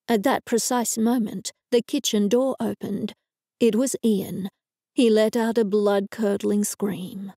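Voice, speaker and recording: A woman with an Australian accent giving a measured audiobook narration. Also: mid-range voice, fairly even intonation, mellow, no echo, clean studio sound. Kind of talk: scripted narration.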